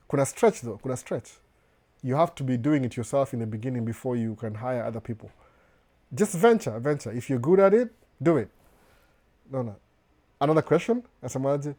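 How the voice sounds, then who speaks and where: A man with a Kenyan accent softened by a slight American tinge hosts a live question-and-answer session, reading out viewer questions one by one. He answers in a relaxed, mellow voice, giving down-to-earth advice and often breaking off and restarting his words. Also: mid-range voice, fairly quick. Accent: Kenyan with a slight American touch. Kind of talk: live Q&A chat.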